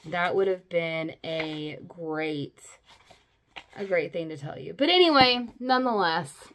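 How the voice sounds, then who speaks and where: A woman's voice: fairly low pitch, a bit bright. A young adult woman recapping a novel for her viewers in a casual, chatty way, full of "you know" and "like" and openly emotional about the story. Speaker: book reviewer. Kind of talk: casual spoken book recap.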